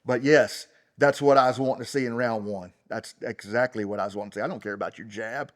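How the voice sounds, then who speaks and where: A middle-aged man speaking bluntly and with plenty of profanity, mid-pitched and plain. He rambles with lots of fillers, then builds into loud, heated outbursts. He talks as a rodeo champion in a casual sit-down interview. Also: fast talker. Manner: rambling, full of fillers like "you know" and "like". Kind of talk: unfiltered casual interview talk.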